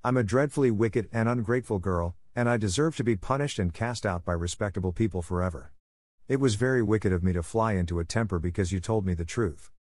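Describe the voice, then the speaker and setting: A man's voice: on the low side, lively intonation, a little fast, a little mellow, dry recording, clean studio sound. A man voicing an imaginative, talkative young orphan girl in a storybook reading, speaking in a dramatic, effusive and earnest way. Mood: pleading.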